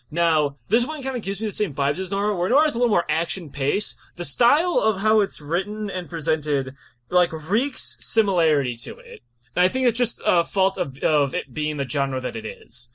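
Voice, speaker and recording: Podcast host, male, high and bouncy delivery, profane rant, casual chat. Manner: animated profane ranting with frequent laughs.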